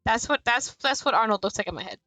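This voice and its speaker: A woman's voice: fairly high pitch, expressive, quick pace, sharp tone, no echo, faint music behind, rough recording. A woman streamer chatting and rambling in asides while playing a story game live.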